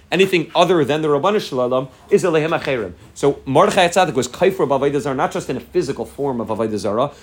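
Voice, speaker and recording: A man giving an earnest Torah talk as a rabbi, repeating himself and restarting phrases as he explains. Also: on the high side. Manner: earnest, rapid-fire teaching with frequent repeats and restarts.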